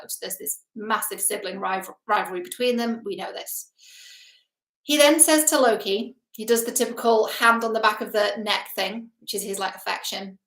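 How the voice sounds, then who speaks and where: A relationship coach hosts her own show, speaking at a moderate pace in a medium-pitched, fairly bright voice. She chats emphatically through a film analysis, often putting questions to the listener, and the recording has a roomy echo.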